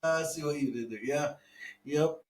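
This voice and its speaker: A man co-hosting a comedy podcast, chatting casually, excitable and laughing often, with "dude" in nearly every sentence. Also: fairly high pitch, moderate pace, a little hiss or hum. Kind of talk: casual chat.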